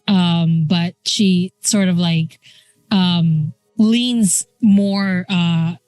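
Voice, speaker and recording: Player, woman, halting, unhurried, dry close sound. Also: lowish voice, fairly even intonation, a little mellow, clear, resonant tone, no room sound, faint music behind. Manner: hesitant, lots of fillers. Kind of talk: describing her character's actions.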